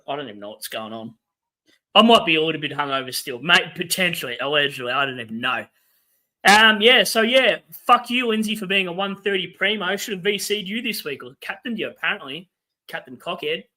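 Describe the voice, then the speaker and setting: Ranting, foul-mouthed Australian livestream host. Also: male voice, high voice, sharp tone. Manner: ranting, profane, quick asides to chat. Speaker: fantasy football livestream host. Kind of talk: casual livestream chat. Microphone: webcam setup.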